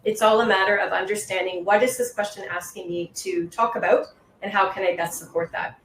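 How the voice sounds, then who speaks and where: A woman's voice: medium pitch, steady tone, a little fast, fairly bright tone, slight background noise. A woman test-prep instructor answering questions on a webinar in a patient, reassuring, explanatory way, over a video call. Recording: roomy echo.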